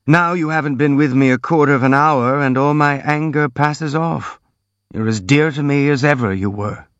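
A man's voice: fairly high pitch, moderate pace, a bit bright, dry recording, voice pushed up, close to an everyday voice. Male reader doing a bitter, jealous young man, intense, dry and muffled audiobook sound. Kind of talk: audiobook dialogue reading.

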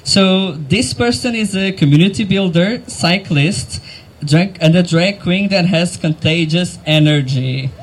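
A man working as MC at an outdoor gathering, speaking emotionally and haltingly, with frequent fillers and small laughs. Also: sits high, a little hiss or hum, low-quality recording. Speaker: event MC. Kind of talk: live outdoor event hosting. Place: outdoor event crowd gathering.

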